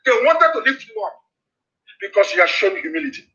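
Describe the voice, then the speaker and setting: A man's voice: sits high, very animated, fast, sharp tone. A middle-aged man from Nigeria with a Nigerian accent, giving a fiery political address full of impassioned denunciations and repeated warnings. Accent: Nigerian English. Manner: impassioned, denouncing, repetitive warnings. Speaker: activist broadcaster. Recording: dull lo-fi broadcast replay.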